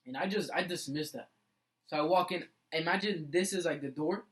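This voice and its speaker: A young man co-hosting a casual podcast, telling animated school stories full of "like" and "bro.". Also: fairly high pitch, moderate pace, rough recording. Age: young adult. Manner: animated storyteller, fills with "like" and "bro". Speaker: podcast co-host. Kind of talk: casual chat.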